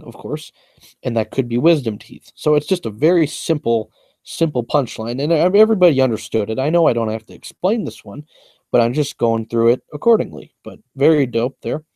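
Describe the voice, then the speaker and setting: A man's voice: medium pitch, dark tone, no echo. A young man breaking down his own rap lyrics in a casual monologue, boastful and repetitive, going over each point at length.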